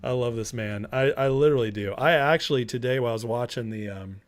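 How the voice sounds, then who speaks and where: A man hosting a casual political livestream, talking excitedly and emotionally and reading viewer comments aloud. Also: medium pitch, quick pace. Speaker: livestream host.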